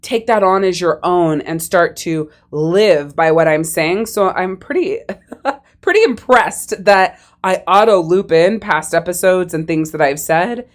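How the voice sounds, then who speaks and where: A woman's voice: lowish voice, animated, a little slow. A woman hosting her own podcast as a life coach, telling a personal story in a candid, conversational way and swearing casually.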